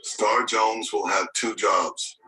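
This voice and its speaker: A man playing a mock prophet who gives smug comic predictions in a deadpan, solemn oracle delivery, from a TV comedy sketch. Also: on the low side, takes it slowly, roomy sound, faint music behind, heavily acted, poor audio.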